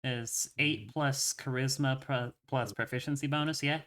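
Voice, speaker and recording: Bright-voiced, wry male player. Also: mid-range voice, fairly even intonation, a little slow. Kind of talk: casual tabletop play.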